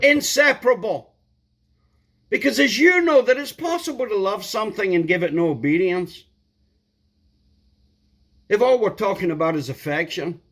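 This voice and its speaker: A man preaching a sermon, emphatic, repeating key words and building to loud outbursts. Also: high-pitched, animated, moderate pace, pauses often.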